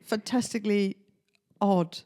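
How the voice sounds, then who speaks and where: A woman's voice: mid-range voice, steady tone, unhurried, mellow. A woman from Northumberland with a Northumbrian accent, hosting a casual comedy podcast in a chatty, playful way. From Northumberland, England. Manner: chatty, playful, restarts often. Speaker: podcast host.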